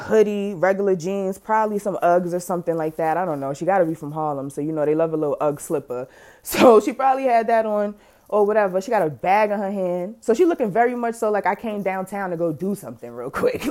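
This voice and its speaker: Woman podcast host, warm, low-lit voice, animated and slangy storyteller. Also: fast talker. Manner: animated, profane, slangy and dramatic. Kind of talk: casual storytelling.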